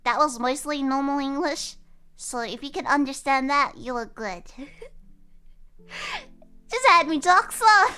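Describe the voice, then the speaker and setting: A woman's voice: fairly high pitch, fairly bright tone, clear, resonant tone. A woman streamer in a casual livestream, chatting in a bubbly, giggly, playful way while explaining slang.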